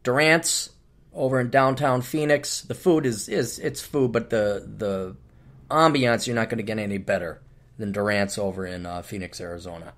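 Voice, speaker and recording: A man's voice: fairly low pitch, steady tone, normal speed, fairly bright tone. A middle-aged man hosting a podcast, ranting solo in a blunt, profane, sarcastic way. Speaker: podcast host.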